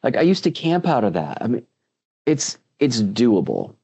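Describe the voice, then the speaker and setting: A man's voice: medium pitch, wildly swooping pitch, moderate pace, mellow, slightly rough, lo-fi sound. A man speaking as a guest in a casual interview, earnest and full of restarts. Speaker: podcast guest, author.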